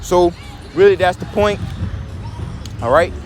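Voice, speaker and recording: A man teaching from scripture in a preaching style. He reads verses slowly and then explains them, checking in with "okay?" and "all right?" along the way. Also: high voice, over music, a crowd in the background. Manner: emphatic, preachy.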